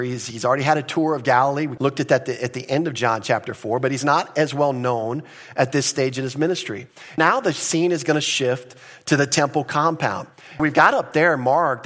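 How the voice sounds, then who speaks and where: A man preaching a verse-by-verse sermon as pastor, earnest and teacherly, often repeating words and slowing down to stress a phrase. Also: medium pitch, a bit bright. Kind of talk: expository sermon.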